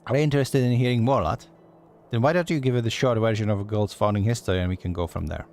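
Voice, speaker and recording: A man's voice: lowish voice, quick pace, a little mellow, soft background music, close to an everyday voice. A man voicing a teasing female guild receptionist from a game, in a put-on Scottish accent, reading her dialogue aloud in a folksy, storytelling way. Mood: yarn-spinning.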